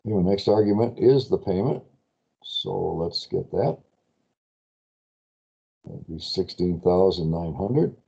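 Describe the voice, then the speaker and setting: A man lecturing a class on lease finance in a spreadsheet, chatty and quick to correct his own slips while asking students questions. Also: low voice, expressive, creaky, warm tone, breathy edge, highs cut off.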